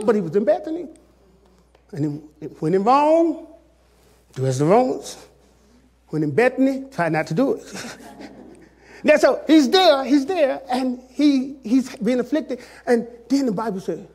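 A man preaching a sermon as pastor, calling out to the congregation and swinging between loud shouts and hushed, quiet passages. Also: very high-pitched, big pitch swings, measured pace, pauses often, breathy edge.

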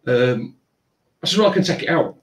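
A man's voice: medium pitch, normal speed, distant mic. A man, casually telling a long story with lots of filler phrases. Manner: rambling, animated retelling with filler phrases. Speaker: tattoo shop owner. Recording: roomy, from away from the mic.

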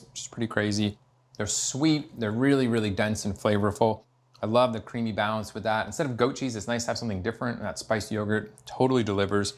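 A man, a test cook, giving an enthusiastic step-by-step cooking demonstration in a home kitchen. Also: on the low side. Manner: enthusiastic, upbeat, step-by-step explaining.

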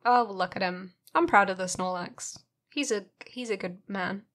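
A woman's voice: mid-range voice, normal speed, a bit bright. A woman narrating her painting in a casual voice-over, playful and self-mocking, sleepy from having just woken up.

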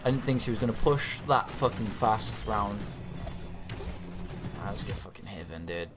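A man's voice: lowish voice, lively intonation, moderate pace, music in the background. A young man giving live commentary over his own game, swearing and urging his team on. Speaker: gamer streaming commentary.

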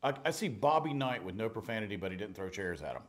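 Brief: middle-aged man, pastor, lively storytelling sermon, pitch leaps around, drops to near-whispers. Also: fast talker. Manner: animated, jumps between loud and hushed, laughs at own stories.

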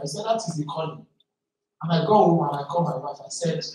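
A man's voice: on the high side, quick pace, darkish tone, slight background noise. Male panel guest, 40s, earnest storyteller; very echoey hall, distant mic. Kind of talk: testimony at a live panel.

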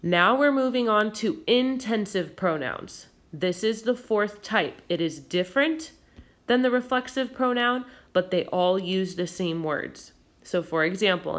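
A woman teacher explaining a recorded grammar lesson patiently and clearly, with occasional fillers. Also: medium pitch.

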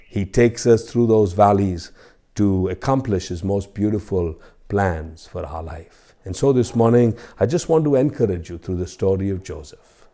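Earnest pastor with a warm voice. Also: male voice, lowish voice. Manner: earnest, repetitive preaching cadence, slows for emphasis. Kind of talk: sermon.

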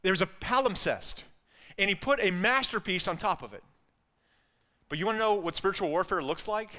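A man's voice: high voice, animated, fairly quick, bright, forceful tone. A man with an Alabama accent preaching a sermon in an earnest way, often repeating words as he builds a point. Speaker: pastor.

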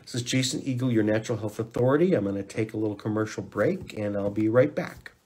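A man hosting a natural health podcast in casual, rambling talk, dropping to hushed counting when guiding breathing. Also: lowish voice, fast talker, breathy edge. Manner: rambling and conversational, with hushed counting and shushing during breathing guidance.

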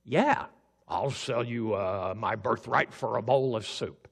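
A man's voice: mid-range voice, slow, vocal fry, husky, full character voice. Big dumb hungry hunter guy, pastor putting him on, roomy hall. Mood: blunt. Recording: long hall reverb.

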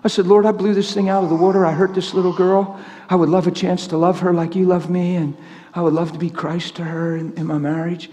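Man, preacher, sermon, lively storytelling, high voice, reverberant church. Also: a little fast. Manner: animated storytelling, acts out quotes. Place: church hall. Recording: long echoing church reverb.

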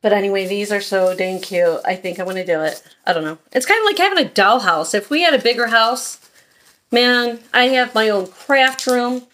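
A woman's voice: medium pitch, normal speed, a bit bright. Chatty rambling woman vlogger. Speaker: haul vlogger. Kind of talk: casual chat.

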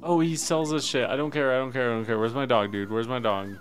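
A man streaming a game live, cursing and talking to himself, swinging between loud high yelps and low muttering. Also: fairly even intonation, quick pace, soft background music. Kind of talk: live gameplay commentary.

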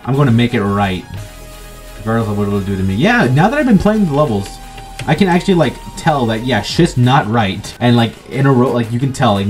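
A man's voice: medium pitch, darkish tone. A man giving casual gameplay commentary, frustrated, swearing, and talking himself down. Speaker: gaming video creator. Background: faint game music.

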